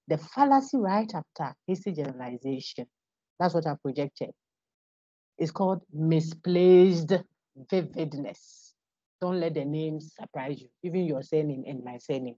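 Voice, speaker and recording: A woman lectures over a video call, her low voice husky and mellow. She stresses points and keeps asking the class questions. The audio is dull and lo-fi. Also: no room sound. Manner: emphatic, asks the class rhetorical questions. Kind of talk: online lecture. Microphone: computer microphone on a video call.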